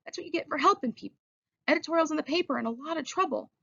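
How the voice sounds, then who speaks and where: A woman voicing a reckless, hotheaded teenage street tough in an audiobook, urgent and commanding, with a slightly gravelly edge. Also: high voice, very fast, bright, forceful tone, dry recording, muffled recording, pitched above the performer's own voice, exaggerated voice. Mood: raving. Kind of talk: audiobook character voice.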